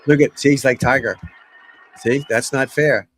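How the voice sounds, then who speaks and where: A man's voice: medium pitch, steady tone, normal speed, a bit bright, husky. A middle-aged man with a Boston accent, a golf instructor chatting casually on a live stream, rambling and blunt with joking asides.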